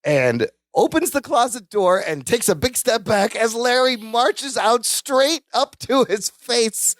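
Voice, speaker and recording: Lively podcast co-host, dry close mic. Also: mid-range voice, slow pace, dry recording. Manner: lively, acts out the characters' lines while laughing. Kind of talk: casual chat recapping a sitcom episode.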